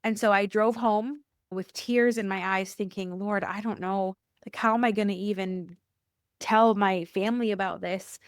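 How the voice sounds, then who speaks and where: Woman, podcast guest, heartfelt storytelling, lively quoted dialogue, repeats phrases for emphasis, mid-pitched voice, dry close sound. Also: moderate pace, clean tone, no echo. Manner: animated, acts out quoted dialogue with rising pitch. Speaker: church worker. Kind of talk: personal storytelling in a podcast interview.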